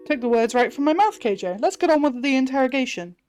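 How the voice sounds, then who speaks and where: A woman's voice: high-pitched, expressive, fast, hardly any pauses, a little mellow. Woman streamer reading game text aloud. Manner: chatty, playful, puzzling things over.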